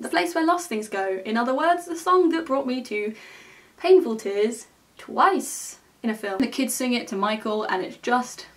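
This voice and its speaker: A woman's voice: mid-range voice, normal speed, distant mic. A young woman reviewing a film in a casual, enthusiastic way, often ending her points with a questioning "okay?". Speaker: film vlogger.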